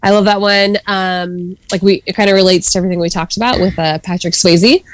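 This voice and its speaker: A woman's voice: mid-range voice, fairly even intonation, fairly quick, no room sound. Chatty woman guest, dry sound. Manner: chatty, laughs often, many fillers. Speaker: podcast guest. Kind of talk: casual chat.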